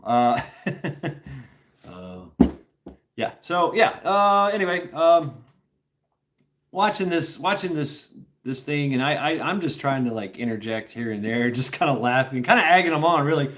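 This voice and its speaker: A middle-aged man from Tennessee spins a loose, casual story for his stream chat, voice sitting at an ordinary male pitch. He laughs often, swears freely, and keeps trailing off and restarting his sentences. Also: expressive, normal speed.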